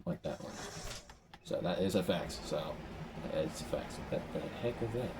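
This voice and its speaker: A man rambling through a game's item shop in casual commentary, excitable, his voice often jumping up high. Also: moderate pace, a little hiss or hum. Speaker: gamer browsing an item shop.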